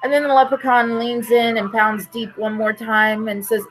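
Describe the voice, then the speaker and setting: A woman's voice: fairly high pitch, little pitch movement, moderate pace, few pauses, a bit bright, slight background noise, low-quality recording. Crude, playful woman telling a joke. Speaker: host. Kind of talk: casual podcast chat, joke telling.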